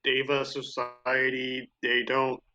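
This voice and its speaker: Bright-voiced casual male player. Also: medium pitch, monotone, slow, muffled recording. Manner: casual, curious questioning. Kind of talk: casual tabletop game chat. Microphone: online voice call.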